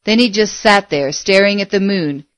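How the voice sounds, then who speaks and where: A woman narrating a story aloud in a measured, expressive way. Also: mid-range voice, no echo. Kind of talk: audiobook narration.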